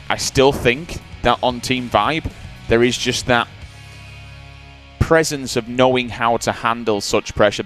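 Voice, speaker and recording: Energetic male esports play-by-play caster. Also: mid-range voice. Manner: energetic, hyping the crowd. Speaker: esports commentator. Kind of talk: live play-by-play commentary.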